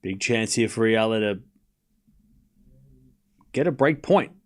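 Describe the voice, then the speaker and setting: A man calling a tennis match live for his stream, calling out the score and chatting with his viewers in a casual, excitable way. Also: lowish voice, takes it slowly. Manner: excitable, calls the score, chats with viewers, shouts at big points. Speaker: streamer doing live tennis watchalong commentary.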